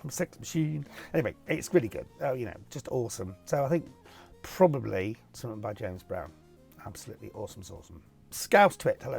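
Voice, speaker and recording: Reading viewer questions aloud, a cheerful middle-aged man answers them jokily and chattily in a casual Q&A video. He speaks on the low side, with vocal fry and a slightly mellow quality.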